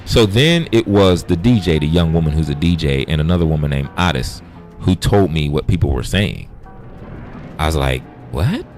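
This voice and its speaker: A man's voice: very deep voice, normal speed, a little mellow, soft background music. A man hosting a casual livestream, bluntly retelling an argument with profanity and quoted back-and-forth. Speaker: livestream host.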